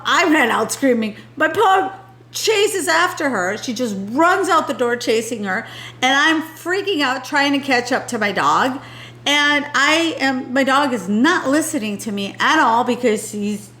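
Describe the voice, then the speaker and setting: Middle-aged lady vlogging at home, rambly chatty storytelling, bit high voice, echoey room. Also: a bit bright. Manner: rambling, frazzled, with many restarts. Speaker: fashion vlogger. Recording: roomy echo.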